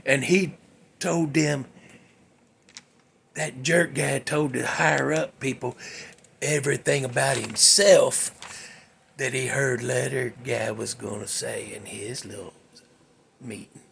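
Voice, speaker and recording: A man's voice: mid-range voice, fairly even intonation, slow pace, vocal fry, long pauses, a bit bright, a little hiss or hum. A man hosting a show, telling a workplace story in a folksy, salty, worked-up way. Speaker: host. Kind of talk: casual storytelling monologue.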